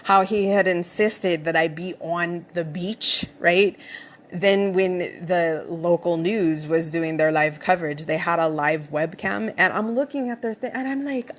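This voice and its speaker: A young adult woman hosting a podcast, telling a personal story in a casual, animated way, swearing now and then and laughing through it. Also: lowish voice, a little slow. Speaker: podcast host.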